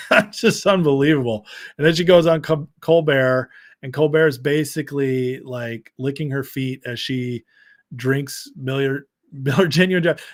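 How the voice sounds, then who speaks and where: A man hosting a live political commentary stream, reading headlines and viewer comments with sarcastic asides and frequent laughs. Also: medium pitch. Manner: sarcastic, reads headlines and chat aloud, laughs often. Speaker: political commentary show host.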